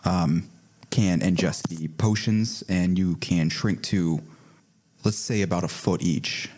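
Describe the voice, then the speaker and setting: Male game master, low and slow, laid-back narration. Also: fairly even intonation, a little mellow.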